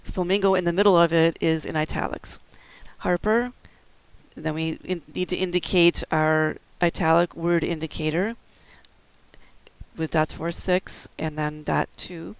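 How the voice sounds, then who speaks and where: A man with a slightly high, gravelly yet clear voice teaches in a careful, step-by-step way, pausing on the odd filler. The recording is dry and close, with no room sound. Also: steady tone, dry recording, low-quality recording. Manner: methodical, explaining step by step with fillers. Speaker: braille instructor. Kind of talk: recorded instructional lecture.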